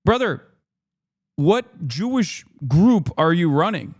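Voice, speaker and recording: A man's voice: high voice, very animated, slow pace, no echo, studio quality. A man hosting a live stream, giving heated, profane political commentary and sometimes slipping into mocking put-on voices. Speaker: streamer host.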